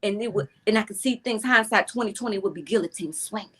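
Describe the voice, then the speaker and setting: A woman guest, a spiritual healer, talking in an animated, preachy storytelling way in a casual chat. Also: mid-range voice, fast, husky.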